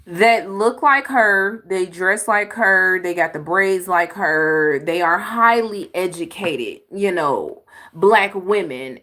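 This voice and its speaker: A woman's voice: mid-range voice, a bit bright. A woman hosting a reaction video, giving blunt, emphatic commentary on clips with sighs and exclamations.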